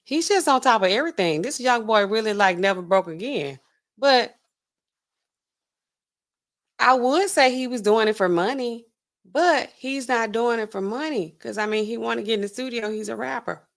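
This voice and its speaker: A woman pharmacist hosting a casual livestream, chatting to viewers and acting out customers in quick asides. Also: fairly high pitch.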